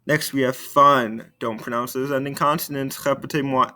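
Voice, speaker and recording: A man teaching a recorded French lesson, slowly modeling words for students to repeat. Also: mid-range voice, steady tone, bright, forceful tone. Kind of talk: recorded video lesson with repetition drills.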